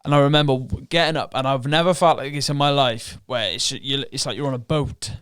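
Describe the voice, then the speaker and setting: A man's voice: mid-range voice, steady tone, fairly quick, fairly bright tone, smooth, no room sound, studio quality. A professional fighter guesting on a podcast, telling his story frankly and profanely, acting out what he and others were thinking. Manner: frank and profane, relives moments with quoted inner thoughts. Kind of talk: casual interview storytelling.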